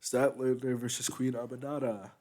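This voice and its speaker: A man's voice: mid-range voice, little pitch movement, normal speed, dark tone. A man giving a rambling, casual review of a wrestling show, full of fillers, talking as he eats at home. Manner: rambling, loose, many fillers. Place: at home, eating while recording.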